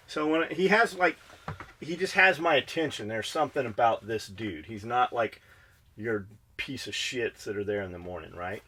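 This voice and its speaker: A man's voice: on the low side, moderate pace, bright, forceful tone, slight background noise. A man co-hosting a podcast, telling stories in a blunt, profane, fired-up way. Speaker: podcast co-host. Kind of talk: casual podcast chat.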